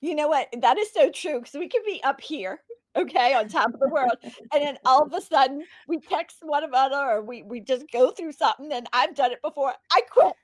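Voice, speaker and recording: Brief: woman podcast host, slightly high voice, eager and affirming. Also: fairly quick, no echo. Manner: enthusiastic, affirming. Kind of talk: podcast interview.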